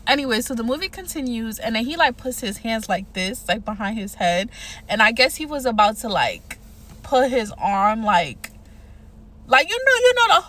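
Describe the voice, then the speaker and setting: Woman doing a storytime, swears a lot, acts out lines, slightly high voice. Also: moderate pace, a little hiss or hum. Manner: animated, profane, acts out quotes. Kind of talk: casual storytime.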